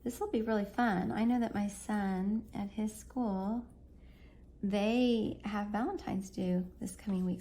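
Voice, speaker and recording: A woman's voice: mid-range voice, measured pace, dark tone, slight background noise. A woman in her thirties giving a chatty, encouraging step-by-step drawing lesson for kids, thinking aloud as she draws. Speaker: art teacher.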